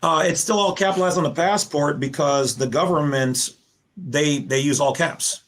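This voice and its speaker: A man on a casual podcast, explaining at length in an animated, lecturing way that rambles with restarts. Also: on the high side, moderate pace. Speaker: podcast guest explaining legal theories.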